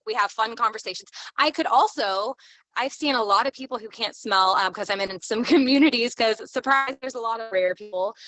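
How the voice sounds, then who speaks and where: A woman's voice: on the high side, pushed and bright, no echo. A woman hosting a live stream as a leadership coach, talking in a bubbly, enthusiastic, playful way. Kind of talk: casual motivational live talk.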